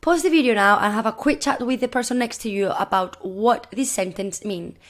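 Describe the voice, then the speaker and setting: Woman, primary language teacher; encouraging, repeats phrases slowly for pupils to echo. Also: fairly high pitch. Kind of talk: recorded classroom video lesson.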